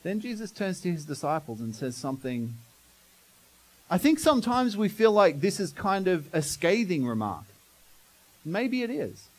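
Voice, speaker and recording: Lively high-voiced man preaching. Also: normal speed, poor audio. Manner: dramatic storytelling, asks the congregation questions. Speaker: pastor. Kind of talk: sermon.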